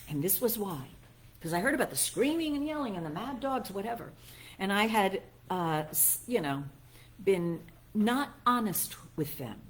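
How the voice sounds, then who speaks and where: A middle-aged woman minister giving a conversational sermon, chatty and self-mocking, laughing at herself as she tells personal stories and acts out what others said. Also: medium pitch.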